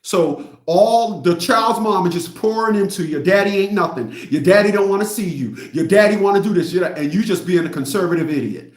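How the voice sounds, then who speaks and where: A middle-aged man with a high voice rants bluntly to his viewers, mocking them and circling back over the same points. The sound is roomy and echoey. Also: fairly quick, hardly any pauses. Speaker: host. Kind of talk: livestream rant.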